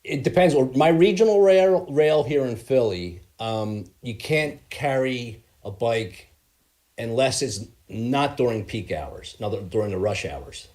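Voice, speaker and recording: A man chatting as a guest on a live stream, telling his stories in an animated way. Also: medium pitch, unhurried. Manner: animated storyteller who acts out dialogue. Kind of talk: casual chat. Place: Philadelphia area.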